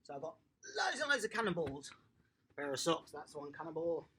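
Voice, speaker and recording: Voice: mid-range voice, big pitch swings, normal speed, bright, forceful tone, slightly rough. An upbeat adult tennis coach, running an online class for small children and cheering them on by name.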